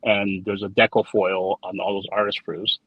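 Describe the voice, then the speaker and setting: At a moderate pace, a husky man with a fairly low, level voice tells anecdotes laced with quoted dialogue, rambling and repeating words. He's a trading card designer interviewed as a guest in casual conversation, and the dull lo-fi recording is dry with no echo.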